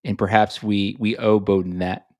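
Low-voiced male podcast host. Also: level tone, normal speed, darkish tone. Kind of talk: podcast interview.

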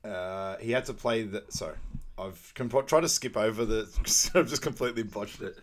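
An easygoing man co-hosting a podcast, with a fairly low voice. He chats casually, lets his sentences drop off softly, and laughs at himself when he loses track. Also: moderate pace, a little hiss or hum. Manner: easygoing, trails off quietly, stumbles and laughs at himself. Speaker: podcast co-host. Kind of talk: casual chat recapping a film.

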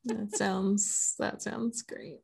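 A woman co-hosting a podcast, chatting casually about films she watched. She laughs often, tells stories excitedly, and says she is tired with a headache. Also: medium pitch, drawn-out words, vocal fry, crowd noise. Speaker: podcast co-host.

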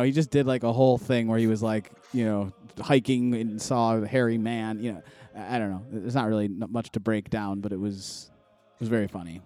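A man's voice: lowish voice, a little fast, hardly any pauses, dark tone, dry recording. A man hosting a podcast, chatting loosely and rambling with lots of fillers and restarts. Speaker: podcast host. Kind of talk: casual podcast chat.

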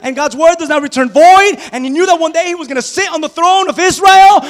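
A man preaching a sermon, repeating his points with rising force until he shouts. His voice sits very high for a man. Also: brisk, hardly any pauses, long reverb tail. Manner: emphatic repetition, building to shouts.

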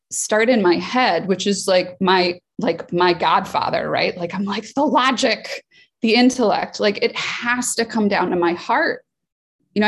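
A woman sharing reflectively in a support-group meeting, earnest and full of "like" fillers. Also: mid-range voice.

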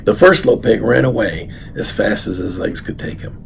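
A man's voice: on the low side, normal speed, gravelly, slight background noise. An older man reading a children's story aloud, then talking unhurriedly with many fillers. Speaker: speaker reading a story to his grandchild.

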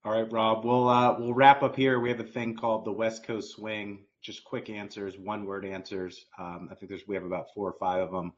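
A man's voice: lowish voice, flat delivery, a little fast, few pauses, lo-fi sound. A man hosting a casual interview, steering the guest with upbeat questions. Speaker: interview host.

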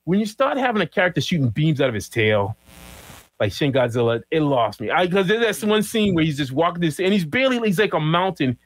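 A middle-aged man chatting as a podcast guest, telling stories with lively acted-out quotes and cries. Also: a little high, brisk, low-quality recording. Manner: animated storyteller who acts out quotes and monster cries. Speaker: guest comic artist. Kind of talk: casual podcast chat.

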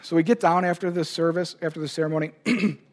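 A man's voice: on the high side, steady tone, fast talker. A man preaching a sermon as pastor, telling a personal story with emotion. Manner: personal, emotional anecdote told to a congregation.

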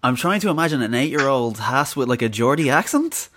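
A man hosting a casual chat, playful and quick with joking asides. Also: mid-range voice, big pitch swings, a bit bright, a little hiss or hum. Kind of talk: casual conversation.

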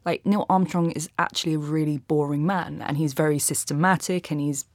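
A film reviewer in a casual discussion, chatty and animated, with frequent fillers. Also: mid-range voice, fairly quick, no room sound, studio quality.

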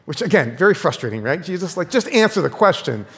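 A man's voice: on the high side, sing-song, quick pace. A man preaching a sermon and reading scripture in a conversational way, often checking in with listeners through rhetorical questions. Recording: long reverb of a large hall.

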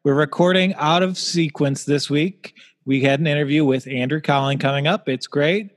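A man's voice: on the high side, moderate pace, in a large hall. A man co-hosting a comedy podcast, teasing his partner in a mock-formal, playful way. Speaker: podcast co-host.

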